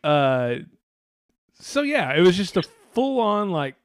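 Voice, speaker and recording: A man's voice: sits high, sing-song, takes it slowly, no echo, clean studio sound. A man co-hosting a casual talk show, rambling and sarcastic, swearing often and mimicking other people's voices. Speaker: podcast co-host. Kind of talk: casual profane chat.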